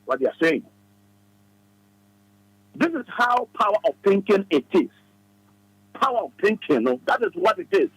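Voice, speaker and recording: This is a Ghanaian man speaking as a studio guest on a radio show, his voice high and a little husky. He lectures with emphasis, circling back to the same phrases again and again. The studio sound is close and dry. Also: huge pitch swings, moderate pace, long pauses, fairly bright tone, dry recording, low-quality recording. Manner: emphatic, preachy, repeats phrases. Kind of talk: advice talk on radio.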